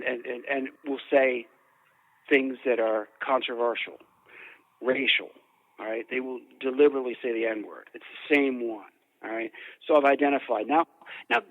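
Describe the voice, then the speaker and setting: Male guest, mid-pitched, talks in loose rambling runs and restarts often; the audio is thin and phone-like. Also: vocal fry, dry recording. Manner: rambling, frequent restarts and repeated words. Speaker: interview guest, paranormal investigator. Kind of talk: conversational interview. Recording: tinny phone-like line.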